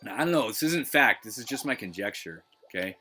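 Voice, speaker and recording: A man's voice: lowish voice, expressive, fairly quick, sharp tone, soft background music. A man streaming retro gameplay live, rambling in casual chat and swearing freely. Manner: rambling, swears, lots of restarts. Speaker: gaming streamer.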